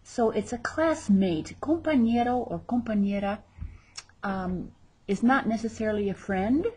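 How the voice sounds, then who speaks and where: A Spanish teacher with a higher, mellow, breathy voice and lively intonation takes her time in a recorded vocabulary lesson. She exaggerates the pronunciation of every word she repeats and adds chatty remarks between the drills.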